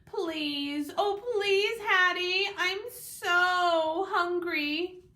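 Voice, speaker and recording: A woman's voice: very high-pitched, extremely slow, sharp tone, roomy sound, voice pushed up, exaggerated voice. A woman voicing an overexcited, hungry pet dog in a storybook reading, squealing and begging. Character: excitable, food-hungry young pet dog. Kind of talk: storybook read-aloud.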